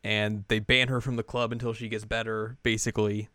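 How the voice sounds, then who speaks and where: A man's voice: on the low side, little pitch movement, a little fast, sharp tone, smooth, no echo. A man chatting casually as a podcast co-host, retelling a story animatedly and raising his voice for the characters he quotes. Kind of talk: casual chat recapping an anime.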